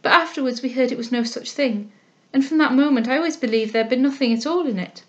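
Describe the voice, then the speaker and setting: A woman's voice: sits high, fast talker, lo-fi sound, close to an everyday voice. A woman reading a novel aloud, voicing an earnest, humble and impulsive young woman who speaks with eager feeling. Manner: eager and heartfelt, speaking up with spirit.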